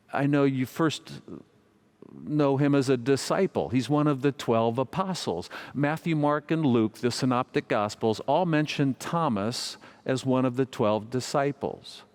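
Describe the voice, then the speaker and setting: A man preaching from the pulpit, spinning a light, self-mocking anecdote. His voice sits at an ordinary male pitch, and he tells the story with easy humor. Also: measured pace. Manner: warm humorous storytelling, gentle self-mockery. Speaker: pastor. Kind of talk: storytelling sermon.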